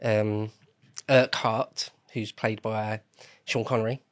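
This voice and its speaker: A podcast host with a fairly low voice speaks slowly with a flat delivery. His casual conversation is chatty and rambling, and he often corrects himself.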